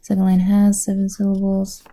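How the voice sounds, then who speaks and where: A woman teacher calmly walking through a classroom routine step by step in a recorded lesson video. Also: mid-range voice. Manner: slow, deliberate, explains step by step.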